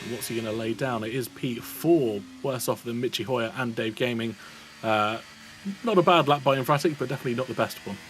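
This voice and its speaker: A man's voice: mid-range voice, a bit bright, a little hiss or hum. A man giving co-commentary and analysis on a sim racing qualifying session. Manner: measured analytical, praising laps. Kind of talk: live race analysis.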